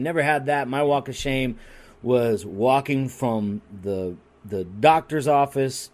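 A man telling a story on a podcast in a crude, rambling and animated way, restarting his sentences often. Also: medium pitch. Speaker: podcast co-host. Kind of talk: casual comedic storytelling.

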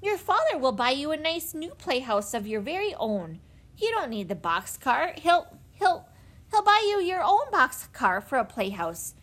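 A woman's voice: a little high, sing-song, normal speed, a bit bright, slightly rough, exaggerated voice. A woman voicing a flustered young babysitter who talks in a coaxing, apologetic way. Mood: pleading.

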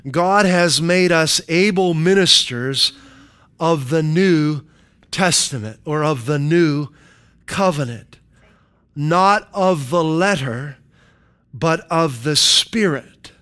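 A man's voice: a little high, slow, fairly bright tone, clean tone. A man preaching a sermon, emphatic and repetitive, quoting scripture and hammering his points. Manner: emphatic preaching with repeated phrases and scripture quotes.

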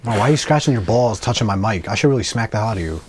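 A man's voice: on the low side, animated, rapid-fire, darkish tone. Profane young man hosting a noisy podcast. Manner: loose, profane, laughing banter. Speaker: podcast host. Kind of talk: casual chat. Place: home room with a cat. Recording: noisy home podcast recording.

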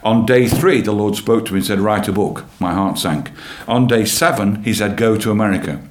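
A man with a fairly low voice tells his story of faith in a guest interview, earnest and animated, circling back over his own words as he goes. The room around him adds a noticeable echo. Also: moderate pace. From England. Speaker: church leader and guest. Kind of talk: personal testimony in an interview. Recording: roomy echo.

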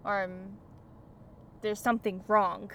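A woman's voice: mid-range voice, flat delivery, slow pace, a bit bright, a little hiss or hum. Candid woman podcast host. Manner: open, confessional, storytelling with laughs. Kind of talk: casual conversational interview.

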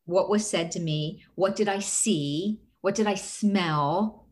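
A middle-aged woman coach speaks slowly in a mid-range voice, giving earnest advice in a casual talk. She walks through the steps one at a time, posing a string of rhetorical questions.

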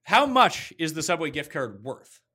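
A man's voice: a little high, big pitch swings, normal speed, bright, forceful tone. A man hosting a casual podcast, talking bluntly and emphatically, with plenty of swearing. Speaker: podcast host.

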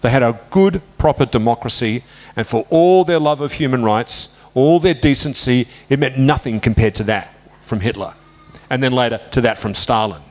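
An Australian man in his sixties talks through a long stretch of history as an interview guest. His voice sits at a middling pitch and is animated. He leaps up when he acts out other people's words. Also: moderate pace. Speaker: author guest. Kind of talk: conversational interview, storytelling.

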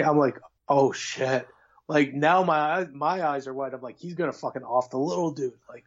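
Profane, excitable man reviewing a film. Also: fairly high pitch, normal speed, highs cut off. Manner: profane, excitable, acts out scenes. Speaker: podcast co-host. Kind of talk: casual movie review chat.

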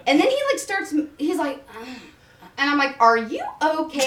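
A woman's voice: high voice, normal speed, heavy background noise. A woman guest on a podcast, telling an anecdote in casual chat, full of "like" and swearing. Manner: animated storytelling, heavy on filler "like" and swearing. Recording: echoey room, far from mic, chatter behind.

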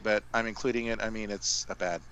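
A man's voice: on the low side, fairly even intonation, fast talker, a bit bright, slight background noise, rough recording. A man in casual podcast chat, hesitant and self-deprecating.

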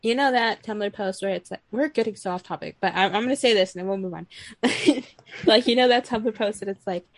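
A woman's voice: mid-range voice, brisk, no echo. A young woman from Houston chats loosely on a podcast, swearing freely and drifting between tangents. Her voice sits in a middle range. The sound is dry and close to the mic. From Houston, Texas. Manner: rambling, profane, chatty. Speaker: podcast co-host. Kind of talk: casual chat.

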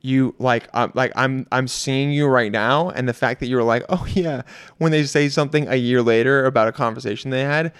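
A young man with a smooth, clear voice hosts a casual podcast. He talks bluntly and swears freely. His pitch sits in an ordinary middle range. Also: steady tone, a little fast. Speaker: podcast host.

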